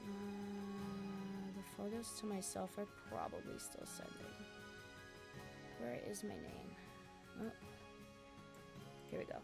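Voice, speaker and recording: A woman streamer chatting casually and swearing often, muttering to herself between excited bursts. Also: medium pitch, takes it slowly, creaky, long pauses, loud music behind the voice. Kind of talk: casual vlog chat while sorting photos.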